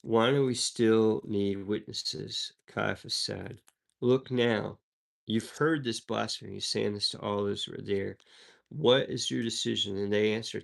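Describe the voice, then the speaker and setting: A man's voice: on the low side, vocal fry. A man from the American South reading Bible passages aloud and explaining them in an easygoing, conversational teaching style. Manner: reads verses then explains them, conversational asides. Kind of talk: devotional Bible reading and commentary.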